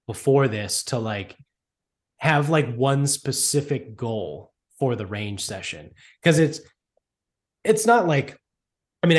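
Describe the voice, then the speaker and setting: A man co-hosting a golf podcast, talking in a rambling, casual way with lots of fillers and swearing. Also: medium pitch. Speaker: podcast co-host. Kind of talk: casual chat.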